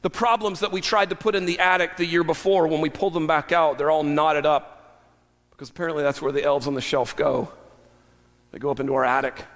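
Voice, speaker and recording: A male pastor delivers a sermon in a fairly high voice that carries a long reverb through the sanctuary. He preaches with animated emphasis, sometimes dropping into quiet, intimate asides, and slips in wry humor along the way. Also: fairly quick. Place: church sanctuary.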